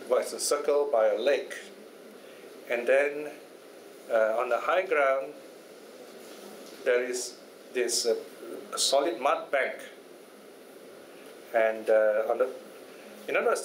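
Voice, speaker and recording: Guy teaching a buddhist study class, tells the story chatty, keeps checking in, echoey room faint hiss. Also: mid-range voice. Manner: conversational, checks in with listeners often.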